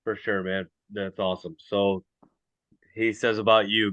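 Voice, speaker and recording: A male podcast host speaks in a steady, casual interview manner. His voice is bright and smooth, with a flat melody, and the recording is dry. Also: fairly low pitch, a little slow, dry recording.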